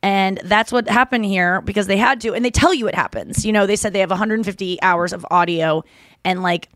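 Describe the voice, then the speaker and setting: A woman's voice: medium pitch, brisk, fairly bright tone, no room sound. A woman hosting a podcast in casual chat, rambling and chatty, swearing freely. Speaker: podcast host.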